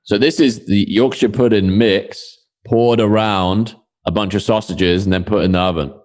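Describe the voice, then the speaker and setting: A man's voice: fairly low pitch, fairly even intonation, moderate pace, a little mellow. A man co-hosting a casual podcast, explaining things hesitantly with many fillers. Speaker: podcast co-host. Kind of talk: casual chat.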